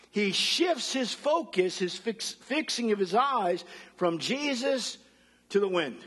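Man, pastor, animated sermon, high-pitched, husky, long reverb. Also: slow pace. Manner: animated, acts out quoted voices.

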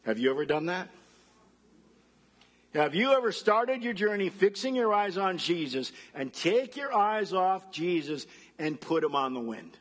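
High husky guy preaching, lots of hall echo, acts out the voices he quotes. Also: very animated, measured pace. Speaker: pastor. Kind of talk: sermon.

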